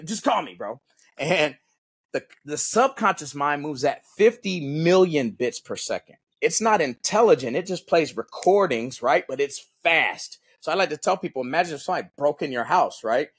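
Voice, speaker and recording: A man's voice: fairly high pitch, normal speed, breathy edge. A man who is a guest on a podcast and works as a combat coach, talking casually and acting out quoted lines as he tells stories. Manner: animated storyteller, acts out quotes, peppers talk with "right?" and "bro".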